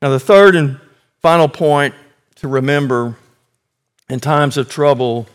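A man delivers a sermon with earnest emphasis, stretching key phrases and lifting his volume to drive points home. His voice sits fairly high for a man. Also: steady tone, a little slow, fairly bright tone, clear, resonant tone. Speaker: preacher.

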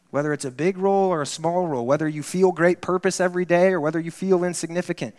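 A male pastor preaching a sermon, telling a story earnestly and drawing it into quiet, intimate encouragement. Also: fairly high pitch, brisk. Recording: reverberant church hall.

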